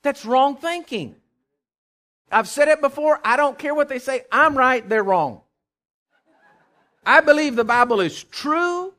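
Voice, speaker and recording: A man preaching a sermon, emphatic, with call-and-response, swinging from loud to hushed. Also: very high-pitched, lively intonation, a little slow, pauses often. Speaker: pastor.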